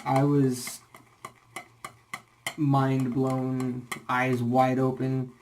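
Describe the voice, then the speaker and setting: A man's voice: mid-range voice, completely flat delivery, drawn-out words, a little mellow, slight background noise. Young man, casual vlog rambling, slightly out of breath, lots of fillers. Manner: rambling, many fillers and restarts. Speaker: shaving vlogger.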